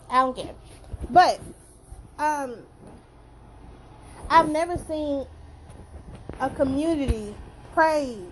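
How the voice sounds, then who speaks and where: Blunt, high-voiced young woman ranting. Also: slight background noise, low-quality recording. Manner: blunt, profane, repeats herself for emphasis. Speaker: vlogger. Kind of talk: casual opinion rant to camera.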